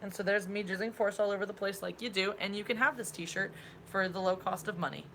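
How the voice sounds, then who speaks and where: A woman co-hosting a casual live stream chat, telling stories in an animated way and laughing often. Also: medium pitch, fast, slight background noise.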